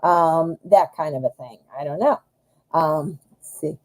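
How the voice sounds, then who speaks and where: Woman, tarot reader host, live stream, warm mellow tone, rambling, self-deprecating. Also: deep voice, a little slow, rough recording. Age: adult, married. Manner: rambling and chatty, thinks aloud with many fillers; self-deprecating humor, goes off on tangents.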